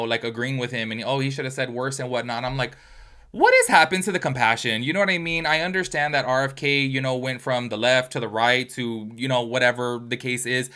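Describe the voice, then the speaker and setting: A man's voice: mid-range voice, bright, forceful tone. A man giving casual opinion commentary, rambling and chatty, often stopping to address viewers and apologize. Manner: rambling, chatty, many fillers and asides to viewers; apologetic, earnest. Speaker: online commentary creator.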